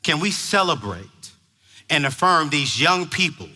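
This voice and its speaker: Male motivational speaker, emphatic preacher delivery, bright high tone. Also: very animated, measured pace. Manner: preachy, emphatic, shouts at peaks. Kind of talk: energetic stage talk to parents. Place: large conference hall before a crowd.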